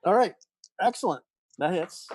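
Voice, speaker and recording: A man's voice: high voice, lively intonation, normal speed, a little mellow, slightly rough, rough recording. A man running a tabletop game as game master, narrating in a rambling way with many restarts. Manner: rambling, full of restarts and "you know".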